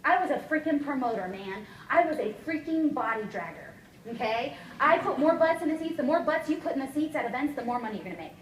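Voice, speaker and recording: A high-pitched woman coaching a room full of people in a punchy, emphatic seminar style, tossing in "okay?" and "guys" to keep them with her. Her voice comes from some distance away and rings around an echoey room, with a faint hum of ambience underneath. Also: fast. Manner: energetic, emphatic, keeps checking in with "okay?" and "guys". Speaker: network marketing trainer. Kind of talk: motivational seminar talk.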